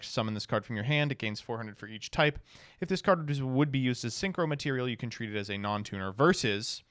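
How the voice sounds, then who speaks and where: A man's voice: medium pitch, fairly bright tone, smooth, no room sound, studio quality. A man streaming, casually reading card game rules aloud and reacting with wry, sighing remarks.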